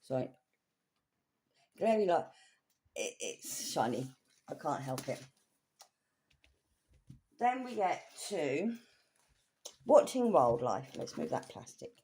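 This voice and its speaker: A woman chatting casually through a craft haul, rambling and correcting herself as she goes. Her voice is low and mellow, with lively swings in pitch. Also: slow pace, pauses often, a little hiss or hum. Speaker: craft vlogger.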